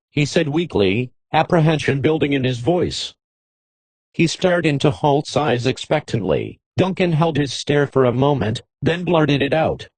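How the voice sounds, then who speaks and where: A man's voice: mid-range voice, sing-song, moderate pace, breathy edge, no room sound. A man reading a western novel aloud as an audiobook narrator, giving the dialogue light character shading.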